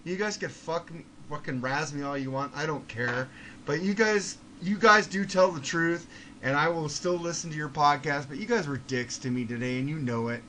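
On a casual podcast, the male host rants with excitable energy and swears constantly. He speaks at a normal speed in a voice a bit high for a man, with faint noise underneath the recording.

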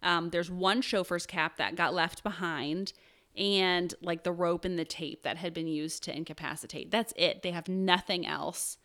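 A woman's voice: lowish voice, steady tone, normal speed, a bit bright. A young woman hosting a podcast, telling a true crime story in casual chat, with many fillers. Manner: chatty, lots of fillers and "like". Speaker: podcast host.

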